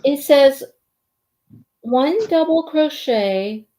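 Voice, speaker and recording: A woman hosting a live crochet-along in casual chat, animated and talking to her dog as she works. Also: high voice, extremely slow, low-quality recording.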